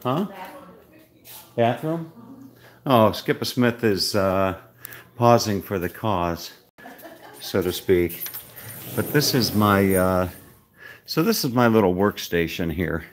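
A man casually vlogging as he walks through a house, rambling with frequent halting pauses. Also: low voice. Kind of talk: casual walk-through vlog. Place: indoors in a house.

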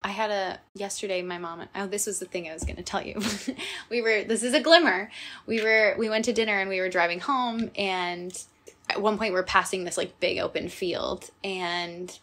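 A young woman co-hosting a casual podcast chat, telling stories in a warm, emotional way that turns tearful. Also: mid-range voice, steady tone, moderate pace, slight background noise. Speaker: podcast co-host.

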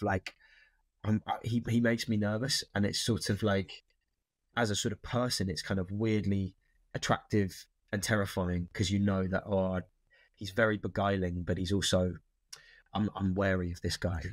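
A man chats as an interview guest, his voice sitting low and recorded close and dry. He wanders through his thoughts, restarting sentences as he goes. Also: fairly even intonation, normal speed, dry recording. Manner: thoughtful, rambling with many restarts. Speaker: actor guest. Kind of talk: casual interview chat.

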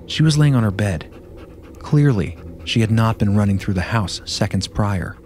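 A man hosting a podcast, reading a listener's first-person story aloud in a steady, measured way. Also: fairly low pitch, a little hiss or hum. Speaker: podcast host.

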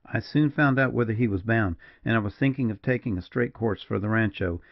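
A man voicing a grave frontier partisan major who speaks slowly and mournfully, in a dull, dry recording. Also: fairly low pitch, creaky, no room sound. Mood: grim. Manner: slow, mournful, measured.

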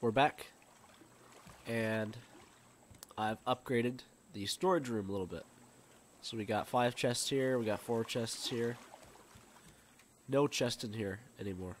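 A man's voice: medium pitch, slow, pauses often, slight background noise. A man casually commenting on a survival video game as he plays, thinking aloud and rambling with fillers. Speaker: gamer. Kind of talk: let's play game commentary.

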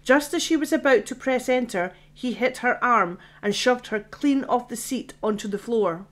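A woman, the author, reading her own science fiction horror audiobook in a steady storytelling manner. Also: on the high side, moderate pace. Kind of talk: audiobook narration.

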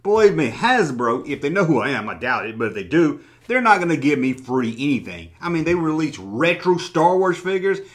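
A man's voice: fairly high pitch, very animated, fairly quick, hardly any pauses. A man hosting a casual vlog who talks with sarcastic jokes and swears freely. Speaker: toy collecting YouTuber. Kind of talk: casual vlog, reading comments.

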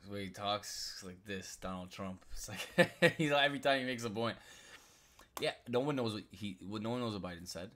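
A man's voice: on the low side, moderate pace, a bit bright, slight background noise. A man from the United States ranting about politics in a vlog, frustrated and repetitive, throwing in "bro" and "like". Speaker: commentary vlogger. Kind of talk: political rant.

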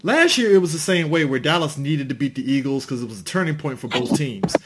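A male sports podcast co-host with a fairly high voice that swoops up and down as he jokes. He jumps from loud outbursts to hushed asides in loose, profane banter. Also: fast talker, heavy background noise. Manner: expressive, jokey, swings between loud and hushed.

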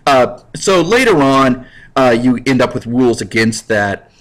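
A man's voice: medium pitch, expressive, measured pace, rough recording. A man teaching a history lecture in a casual, jokey way, acting out little scenes. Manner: jokey, acts out scenes in voices. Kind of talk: recorded classroom lecture.

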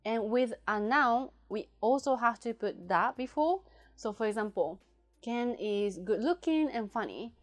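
A woman whose first language is Japanese, teaching a casual language lesson and patiently repeating example phrases slowly and clearly. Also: on the high side, animated, soft background music.

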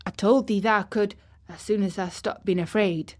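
A woman's voice: mid-range voice, fairly even intonation, normal speed, darkish tone, lightly acted. A woman voicing a cheerful country boy who speaks in old rural dialect. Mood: reassuring.

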